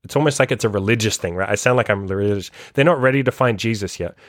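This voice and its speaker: A man's voice: on the low side, fast talker, dry recording, clean studio sound. A man who coaches people on self-improvement, talking in a blunt, profane, casual monologue full of "like" and acted-out quotes.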